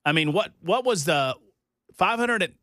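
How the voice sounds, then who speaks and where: A man hosting a talk radio show, folksy and jokey, his voice jumping up in loud disbelief. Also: high voice, expressive, moderate pace, no echo, clean studio sound. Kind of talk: casual studio banter. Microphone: studio microphone.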